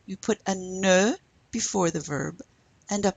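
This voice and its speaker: A middle-aged woman with a somewhat low, husky voice teaches a recorded French lesson. She explains patiently and step by step. She says French phrases slowly so her students can copy them. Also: no echo, low-quality recording.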